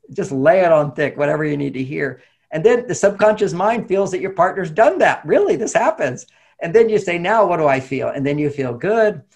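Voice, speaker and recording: Brief: male interview guest, gravelly and a little husky, animated advice-giver. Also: medium pitch. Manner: animated, acts out quoted voices, laughs often. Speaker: relationship author and guest. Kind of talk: conversational interview talk.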